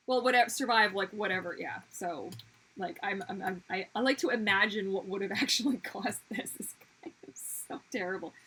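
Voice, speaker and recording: A young woman livestreams herself drawing, chatting casually, rambling, and breaking in on her own sentences with exclamations. She has a mid-range voice with a sharp, breathy edge, speaking at normal speed and pausing often. The recording is rough.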